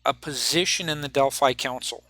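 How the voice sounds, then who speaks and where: A man voicing a stern male handler of an agents' team who rarely smiles, speaking in a formal, measured way. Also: mid-range voice, sharp tone, slight background noise, lightly acted.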